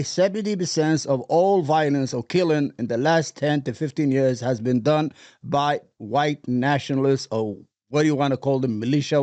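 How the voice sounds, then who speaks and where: A high-pitched man rants on his podcast in an angry, profane flood, tripping over repeated words as he gets worked up. The sound is dry and close, with no room around it. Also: a little mellow, no room sound. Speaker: podcast host. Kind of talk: heated ranting commentary.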